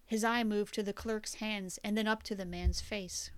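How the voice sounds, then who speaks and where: A woman's voice: medium pitch, steady tone, clear, resonant tone, no room sound. Woman narrating a suspenseful story. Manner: measured, suspenseful reading. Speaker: audiobook narrator. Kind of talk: scripted fantasy narration.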